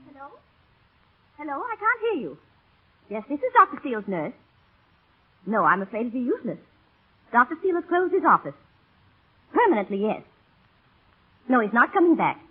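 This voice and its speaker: Dry, businesslike nurse. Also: female voice, sits high, wildly swooping pitch, moderate pace, pauses often, slightly rough, exaggerated voice. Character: dry, efficient woman nurse. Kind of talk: 1930s radio drama acting. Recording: tinny old radio broadcast.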